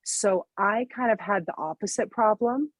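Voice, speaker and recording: A woman's voice: medium pitch, no echo. A woman in her thirties, a fitness coach and business owner, talking casually as a podcast guest and filling her speech with "like" and "you know". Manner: chatty, lots of "like" and "you know", quick laughs.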